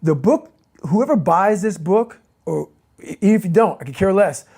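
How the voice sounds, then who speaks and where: A man's voice: sits high, animated, unhurried, gravelly, a little mellow, slightly rough. A man giving a motivational interview as the guest, speaking intensely and emphatically and repeating his key phrases.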